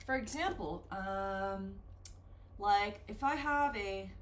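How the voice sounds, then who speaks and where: A woman teaching English, explaining patiently with simple examples in a slow, careful lesson. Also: medium pitch, fairly bright tone.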